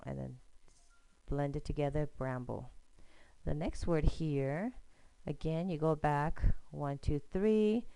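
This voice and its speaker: A woman's voice: low voice, mellow, clear, resonant tone, no room sound, low-quality recording. A woman teacher patiently explaining a screencast lesson step by step, often checking in with "okay?".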